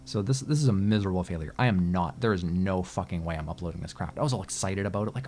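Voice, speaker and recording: Male gaming host, low-ish voice, casual let's-play commentary, exasperated and foul-mouthed, talks back at the game. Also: fast, hardly any pauses, darkish tone.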